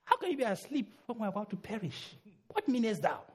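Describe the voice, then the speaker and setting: A middle-aged man preaching a sermon in a church, urging loudly, then dropping low. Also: very animated, fairly quick, slightly rough. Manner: emphatic, swings between loud urging and low murmurs.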